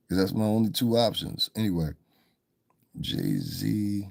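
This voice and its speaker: A deep-voiced man talks casually and profanely on a live stream, answering his chat as he goes. His voice is recorded close and dry, with no room sound around it. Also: normal speed, gravelly, darkish tone, no echo. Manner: loose, profane, chatty, talking to viewers in chat.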